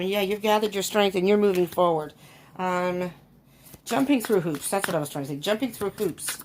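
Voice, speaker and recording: A woman's voice: mid-range voice, darkish tone. Chatty woman reading tarot cards. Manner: chatty, laughs often, thinks aloud with many ums. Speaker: tarot reader. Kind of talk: casual tarot reading to camera.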